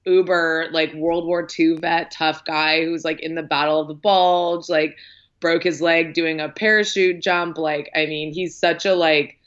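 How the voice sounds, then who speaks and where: A woman with a very low voice chats about a film on a podcast, full of "like" and "um" and quick acted-out quotes. Her sound is a little dull and muffled. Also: flat delivery, a bit bright. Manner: chatty, lots of likes and ums, acts out quotes. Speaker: podcast guest, film critic. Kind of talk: casual film discussion.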